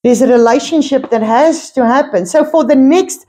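A woman giving an informal Bible teaching, earnest and animated, telling stories and laughing at times. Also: high-pitched, normal speed.

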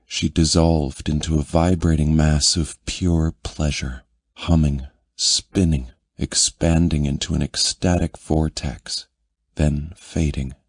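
A man narrating a romance audiobook in a measured, intimate reading. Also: extremely low pitch, steady tone, husky, no room sound.

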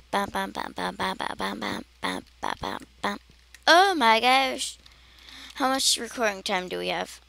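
A woman's voice: mid-range voice, gravelly, bright, forceful tone. A woman giving casual, rambling commentary while playing a game, chatty and giggly. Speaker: gaming channel host.

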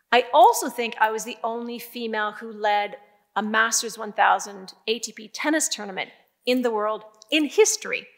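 An older woman giving a keynote speech, telling stories in a lively way with emphatic, repeated phrases. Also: a little high. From Canada. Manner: lively storytelling, emphatic repetition. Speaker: keynote speaker.

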